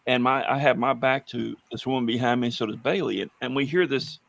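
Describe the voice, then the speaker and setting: A man's voice: mid-range voice, fairly quick, creaky, a bit bright, no room sound. A man telling blunt, wry stories in a casual podcast conversation. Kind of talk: casual anecdotal storytelling.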